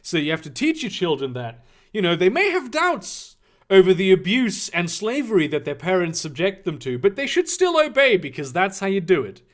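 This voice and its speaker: A man reads a story aloud and breaks off constantly to tear into it with crude, swear-laden sarcasm. His voice sits high for a man and swings widely in pitch, animated and scornful. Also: normal speed. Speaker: reader and commentator. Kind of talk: reading fan fiction aloud with mocking commentary.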